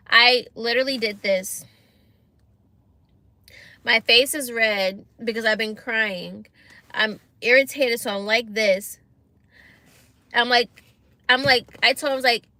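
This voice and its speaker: A young woman with a fairly high, bright voice vents to her viewers in a casual storytime vlog. She is animated and exasperated, uses slang and speaks straight to the camera. The sound is dry and close. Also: a little slow, pauses often, dry recording. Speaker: vlogger.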